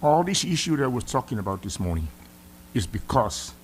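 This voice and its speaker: A man's voice: medium pitch, very animated, normal speed, a little hiss or hum. A middle-aged man with a Samoan accent, a senator sternly scolding an official during a hearing in a legislative chamber. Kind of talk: formal hearing address.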